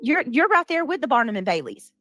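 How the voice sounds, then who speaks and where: A woman hosts a live commentary stream with a high, animated voice. She is chatty and sassy and keeps calling out viewers. Faint music plays behind her dry, close sound. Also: brisk, dry recording, low-quality recording. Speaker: livestream host. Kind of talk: casual livestream commentary.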